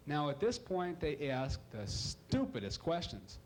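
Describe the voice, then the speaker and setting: A man from Ohio doing a stand-up comedy routine, animated and slipping into silly voices for his bits. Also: on the high side, unhurried. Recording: live club recording with audible crowd noise.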